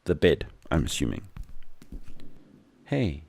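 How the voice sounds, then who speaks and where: A man's voice: very deep voice, lively intonation, moderate pace, vocal fry, a little mellow. A man reading a visual novel aloud as a gameplay commentator, adding wry, joking asides.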